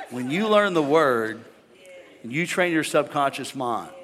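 A man preaching a sermon to a congregation, animated, with call-and-response and jokes. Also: medium pitch, measured pace, in a large hall, crowd noise. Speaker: pastor. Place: large church hall with congregation.

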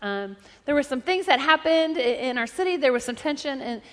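Female pastor with a high voice, testimony-driven sermon with impassioned delivery, captured in a big reverberant hall. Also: animated, brisk. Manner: personal testimony building to impassioned preaching.

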